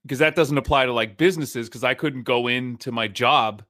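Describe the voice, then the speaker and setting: A man's voice: mid-range voice, normal speed, pushed and bright, no echo, studio quality. A man co-hosting a podcast in casual chat, agreeable and chatty, leaning on "like" a lot.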